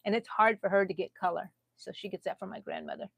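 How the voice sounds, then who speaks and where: A middle-aged woman from the United States chats with her viewers on a crochet live stream. She laughs often and talks to them by name. Her voice sits at a middle pitch and sounds dry and close. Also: fairly even intonation, fast talker, vocal fry, husky, dry recording. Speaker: crochet vlogger. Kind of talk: casual live-stream chat.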